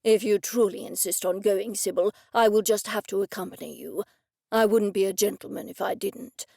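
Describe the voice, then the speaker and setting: A stubborn old gentleman speaks with fussy, indignant formality, as a woman narrator puts him on. The voice has a gravelly grain. It sits close and dry. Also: medium pitch, normal speed, no echo. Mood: gallant. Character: elderly gentleman, pompous and stubborn.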